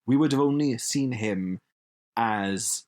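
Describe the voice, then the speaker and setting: Podcast host, man, enthusiastic, laughs easily, mid-pitched. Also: takes it slowly, darkish tone. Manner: chatty, enthusiastic, laughs often. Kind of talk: casual chat.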